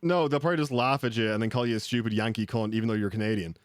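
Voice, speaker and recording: An Irish man chatting on a podcast in a blunt, swearing way. He talks fast, and his voice sits close and dry with no room around it. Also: fairly low pitch, steady tone, clean tone, dry recording. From Ireland. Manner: blunt, profane banter. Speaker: podcast guest. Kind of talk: casual podcast chat.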